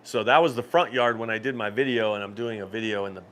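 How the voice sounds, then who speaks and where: A man's voice: on the low side, fast, fairly bright tone, slight background noise. Chatty man rambling with laughs. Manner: rambling storyteller, frequent laughs and restarts. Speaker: cruise channel host. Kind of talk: casual live-stream chat.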